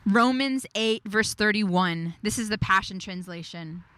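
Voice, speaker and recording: A woman preaching a devotional message in an emphatic way, repeating key phrases and slowing down on declarations. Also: medium pitch, a bit bright, no echo. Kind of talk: devotional sermon.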